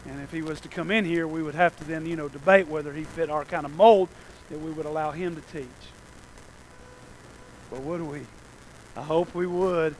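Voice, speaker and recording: A man preaching a sermon, swinging from hushed asides to shouted lines and repeating phrases in rhythmic lists. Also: fairly high pitch, steady tone, moderate pace, pauses often, no echo, poor audio. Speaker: pastor.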